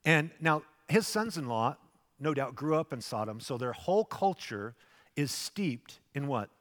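A man's voice: medium pitch, animated, a little slow, fairly bright tone. A man preaching a sermon as pastor, telling the story animatedly and acting out its voices. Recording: long hall reverb.

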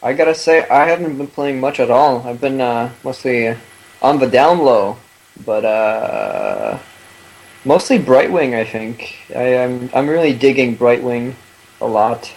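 Casual male podcast panelist, laid-back delivery, average pitch. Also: animated, measured pace, gravelly, darkish tone, low-quality recording. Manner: laid-back, many fillers and restarts. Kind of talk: casual gaming chat.

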